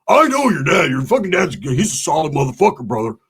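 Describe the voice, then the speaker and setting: A man's voice: a little high, very animated, quick pace, a bit bright, breathy edge, heavily acted. A man voicing a brash ex-con who talks in a blunt, pushy way. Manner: blunt and pushy, calls everyone brother.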